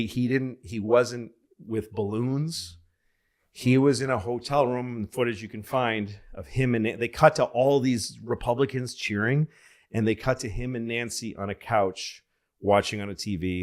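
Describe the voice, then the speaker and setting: A man from Massachusetts co-hosting a podcast, rambling through stories in casual chat and acting out the people in them. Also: fairly low pitch. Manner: rambling storyteller, acts out quoted voices. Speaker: podcast co-host.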